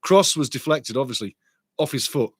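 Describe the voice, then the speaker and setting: A man hosting a live football watchalong, giving rambling, chatty match commentary and shouting out to viewers in the chat. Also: medium pitch, lively intonation, moderate pace, no room sound. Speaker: watchalong host.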